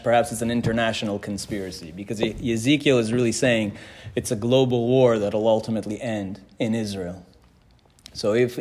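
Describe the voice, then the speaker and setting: A man's voice: lowish voice, darkish tone. A man teaching a religious class in a casual, conversational way, telling stories and quoting verses. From Canada. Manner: conversational, chuckles often, quotes Hebrew verses. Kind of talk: casual lecture with storytelling.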